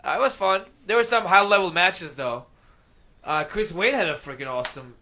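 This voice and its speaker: A man telling stories in a loose, rambling way, full of fillers and easy laughter. His voice sits high and rings bright. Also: normal speed, slight background noise. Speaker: podcast guest, MMA fighter. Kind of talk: casual chat.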